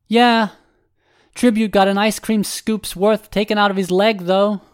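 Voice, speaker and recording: A man reading an audiobook voices a loud, cheerful young hero calling out in a high voice. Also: little pitch movement, unhurried, clear, resonant tone. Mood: upbeat.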